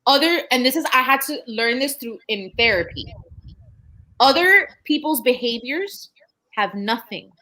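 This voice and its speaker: A woman co-hosting a podcast who makes her points with emphasis and counts them off in order. Her voice is bright and sharp. It sits a little high for a woman. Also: lively intonation, a little slow. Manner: emphatic, lays out points one by one. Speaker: podcast co-host. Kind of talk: casual chat.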